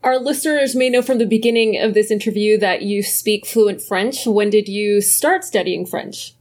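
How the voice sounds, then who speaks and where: A woman's voice: medium pitch, moderate pace, darkish tone. A woman hosting a podcast, friendly and complimentary as she asks questions. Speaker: podcast host. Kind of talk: podcast interview.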